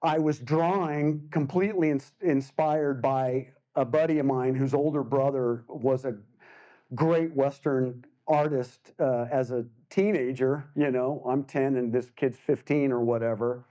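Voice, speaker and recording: A man in his sixties, an artist giving a casual storytelling talk, animated and acting out the voices he quotes, with frequent laughs. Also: mid-range voice, a little slow, muffled recording. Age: 60s. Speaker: guest artist speaker.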